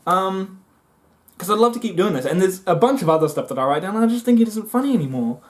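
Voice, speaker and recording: A man vlogging a comic monologue to the camera, excitable and often jumping into high voices as he acts things out. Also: fast talker. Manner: excitable, jumps into high squeaky voices when acting things out.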